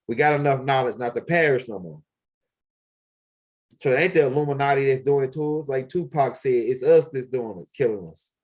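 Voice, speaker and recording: A man with a medium-pitched voice talks fairly quickly, a video blogger rambling casually as he walks around his house and backyard. His speech is loose, profane street talk full of fillers.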